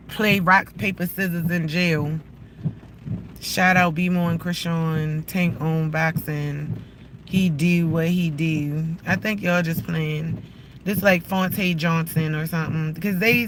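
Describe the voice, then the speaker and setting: Profane high-voiced man ranting in a car. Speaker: livestreamer. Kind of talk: live-stream rant while driving. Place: inside a moving car. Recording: loud car road noise.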